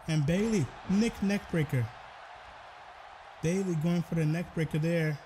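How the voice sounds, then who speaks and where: A young man narrates a wrestling video game match in play-by-play fashion, his fairly high voice jumping into shouts at big moves. A faint hiss of background noise sits under the recording. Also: measured pace, pauses often. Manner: excitable, bursts into shouted exclamations.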